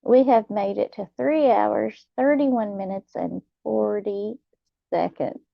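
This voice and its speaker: A young adult woman, hosting a late-night live chat, talking softly and laughing often. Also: mid-range voice, vocal fry, no room sound, lo-fi sound. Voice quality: soft, slow, laughs often. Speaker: channel host reading live chat.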